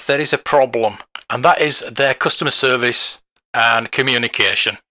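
A man talks through a casual vlog review in a chatty, meandering way, with frequent chuckles. His voice sits at an ordinary middle pitch but comes across bright and forward. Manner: chatty, rambling, chuckles often. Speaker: toy collector vlogger.

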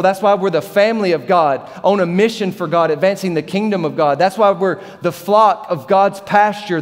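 A man in his thirties preaching a sermon as pastor, animated and joking, acting out the Bible characters in different voices. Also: high-pitched, in a large hall. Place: large church hall.

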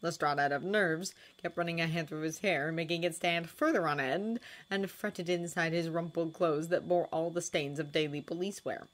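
A woman reading fanfiction aloud in a lively storytelling manner, acting out shouted lines. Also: low voice, moderate pace, hardly any pauses. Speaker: fanfiction audiobook reader.

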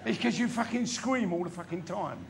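A man's voice: high voice, animated, normal speed, gravelly, very noisy. A man voicing a blunt, swearing male stunt pilot in a joke.

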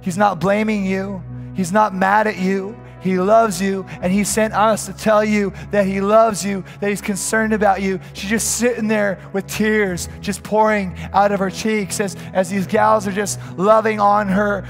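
A man's voice: sits high, level tone, measured pace, gravelly, soft background music. A man preaching a fervent sermon as a pastor, stumbling over restarts as he tells a story.

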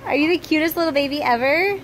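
A woman filming her family at home, chatting with her kids in playful baby talk that turns quiet and tired late at night. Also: high voice, fast, a little hiss or hum, poor audio. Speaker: mother and family vlogger. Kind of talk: casual home video chat.

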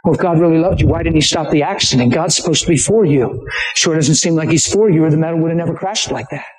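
Man putting on a sneering tempter devil, quick low taunts, echoey hall sound. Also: close to an everyday voice. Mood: taunting. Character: sly accusing male devil, sneering tempter.

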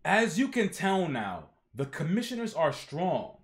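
A young man reads comic panels aloud on a live reaction stream, breaking in with slangy comments. His voice sits high and swings widely in pitch. He takes his time over the lines. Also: huge pitch swings, unhurried. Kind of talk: reading a webtoon aloud with reactions.

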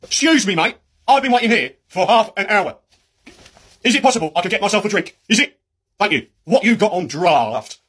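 A man's voice: high voice, animated, fairly quick, a bit bright, breathy edge, heavily acted. A man doing a fussy British pub regular. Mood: grumbling. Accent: British English. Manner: grumbling, cheeky, keeps calling people mate. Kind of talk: comedy sketch character.

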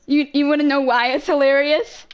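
A woman trolling other players in game voice chat, teasing and mocking them, sometimes dropping into a low put-on voice to taunt. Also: little pitch movement, fairly quick.

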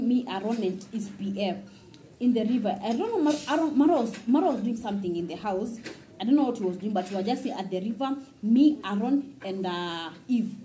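A woman vlogger from Kenya telling a story in a casual, very fast, run-on way. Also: on the high side, mellow, a little hiss or hum, rough recording.

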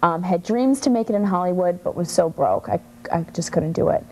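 A woman's voice: lowish voice, fairly quick, slight background noise, rough recording. A woman in her thirties from Chicago, a guest telling her story in a casual, chatty interview and acting out quoted voices. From Chicago, USA. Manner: chatty, animated storyteller who acts out quotes.

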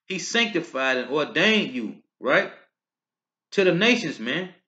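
A man's voice: fairly high pitch, sing-song, a little slow, sharp tone. A man preaching from scripture in bursts, ending lines with "man, okay?". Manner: emphatic, rising and falling bursts. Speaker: street preacher. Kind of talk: scripture-reading sermon video. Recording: dull lo-fi recording.

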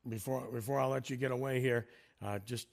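A man's voice: medium pitch, steady tone, fairly quick, gravelly. A man hosting a sports radio interview, talking in a conversational way and steering the questions.

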